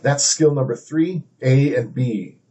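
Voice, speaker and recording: A man teaching how to read poetry, explaining steps slowly and reading verse aloud with feeling. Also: medium pitch, dark tone. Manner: measured, explanatory, reads verse aloud dramatically.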